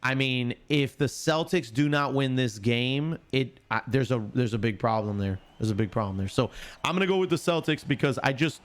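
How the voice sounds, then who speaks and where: A man's voice: medium pitch, a bit bright, smooth. Chatty man hosting a sports stream. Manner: chatty, talks straight to chat viewers; confident, emphatic predictions. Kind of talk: casual live-stream sports talk.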